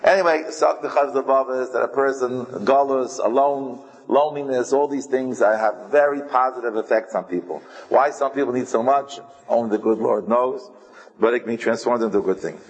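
A man giving a rambling, halting, humorous sermon with stories, as a rabbi. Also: medium pitch, husky. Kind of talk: sermon with storytelling. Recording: long hall reverb.

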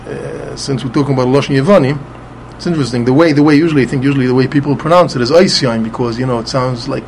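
Here a man with a steady, mid-range, somewhat dark voice speaks very quickly, with vocal fry and a faint hiss or hum behind him. Working through a Talmud passage, he spells out Hebrew letters and vowels the Ashkenazi way, often repeating words along the way.

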